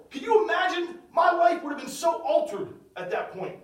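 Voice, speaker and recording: A middle-aged man tells a personal testimony with a high, lifted voice that bursts loud and then drops to a hush. He stands well back from the mic in an echoey room. His storytelling is dramatic and uneven. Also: very animated, normal speed, hardly any pauses, far from the mic. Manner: storytelling, swings from loud outbursts to hushed near-whispers. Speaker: speaker sharing a personal testimony. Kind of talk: testimony talk.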